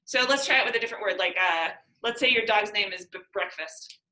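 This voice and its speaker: Bright-voiced woman teaching a class. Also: mid-range voice, fairly quick, echoey room, poor audio. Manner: patient, explains with everyday examples. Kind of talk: classroom lesson.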